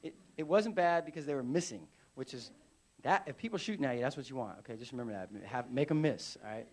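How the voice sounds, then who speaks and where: A veteran man giving a live storytelling speech at a conference, animated and acting out scenes with sound effects. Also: medium pitch, quick pace. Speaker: veteran speaker. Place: conference stage.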